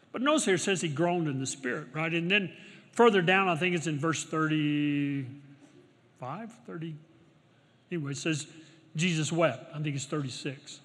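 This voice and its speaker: A middle-aged male pastor preaching a sermon, swinging from loud exclamations to quiet storytelling, recorded in a large church auditorium. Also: on the high side. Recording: long hall reverb.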